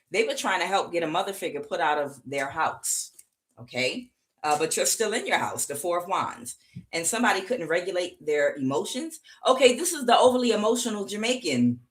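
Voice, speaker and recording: A woman with a medium-pitched, slightly bright voice gives a casual tarot reading to camera. Chatty and prone to laughing at herself, she keeps checking in with "okay" between points.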